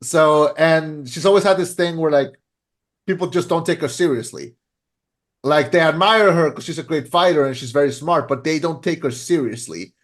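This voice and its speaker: A young man with a slightly high voice, talking loosely as a podcast host. He rambles, fills every pause with "like" and "uh" and trips over his own restarts, in an easygoing casual chat.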